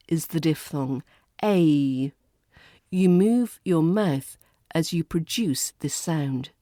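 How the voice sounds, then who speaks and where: English rp woman, accent coach, low-ish voice, very slow and deliberate. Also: expressive, dark tone, no room sound, studio quality. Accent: southern English RP. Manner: models sounds slowly and repeats example words. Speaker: accent coach and podcast host. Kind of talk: slow, clearly enunciated pronunciation lesson.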